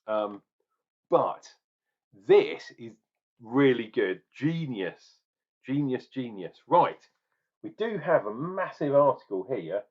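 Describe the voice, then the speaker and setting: A man's voice: medium pitch, sing-song, slow pace, muffled recording. A chatty middle-aged man from England reviewing a beer, rambling and joking in a casual tasting vlog. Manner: chatty, jokey, rambling asides.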